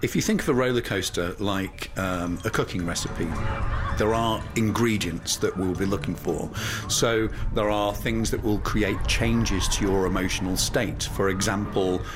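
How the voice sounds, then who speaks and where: A man, a scientist, explaining his field in a measured interview manner. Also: on the low side.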